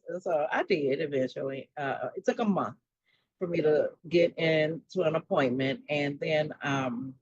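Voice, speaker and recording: A lower-pitched woman tells her own story with lively energy, jumping into the voices of the people she quotes. She talks casually and bluntly, with plenty of slang. The recording is dry and a little dull. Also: normal speed, husky, dry recording. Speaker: mental health coach and guest. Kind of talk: animated personal storytelling.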